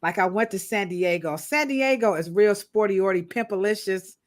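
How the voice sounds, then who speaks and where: A woman's voice: medium pitch, moderate pace. A woman co-hosting a live stream, chatting casually and playfully with slang and laughter. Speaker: co-host.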